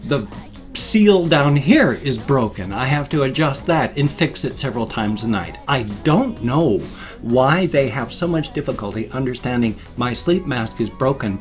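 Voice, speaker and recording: Fed-up guy in his 50s ranting on his vlog, mid-pitched voice, little music in back. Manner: agitated venting rant. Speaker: vlogger. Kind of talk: casual daily vlog.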